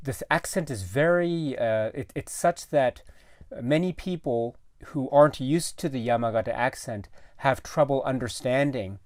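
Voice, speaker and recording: A man talking as a guest in a casual film discussion, halting and searching for his words with many restarts. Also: mid-range voice, no room sound, clean studio sound. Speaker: guest commentator.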